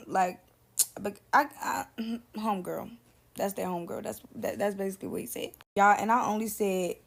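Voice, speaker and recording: A woman casually telling a story in a blunt, profane way, acting out the dialogue as she goes. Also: medium pitch.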